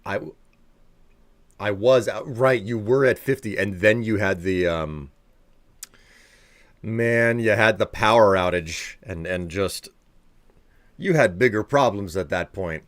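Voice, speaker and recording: A man with a very low voice talks in a loose, rambling way to his live-stream audience and answers their messages as they come in. He sounds sleepy and laughs easily. The sound is dry and close, with almost no room echo. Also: takes it slowly, long pauses. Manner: chatty and rambling, reads and answers chat, laughs often. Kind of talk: casual live-stream chat with viewers.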